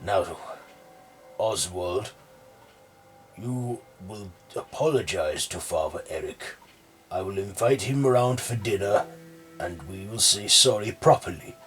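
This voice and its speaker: A man's voice: on the low side, slow pace, pauses often, fairly bright tone, faint music behind. A man doing a stern, dismissive father. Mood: impatient. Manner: blunt, impatient. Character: stern middle-aged father, dismissive skeptic.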